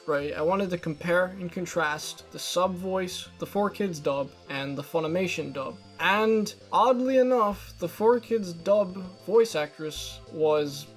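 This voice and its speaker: A young man reading a scripted commentary rant, exasperated and sarcastic in tone. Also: sits high. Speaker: video essayist. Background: faint background music.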